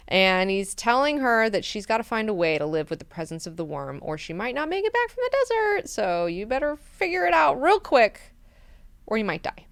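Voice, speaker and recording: A woman hosting a book club, casually recapping chapters in an animated, chatty way with plenty of swearing. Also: mid-range voice, clean tone, dry recording. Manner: animated, profane, chatty retelling.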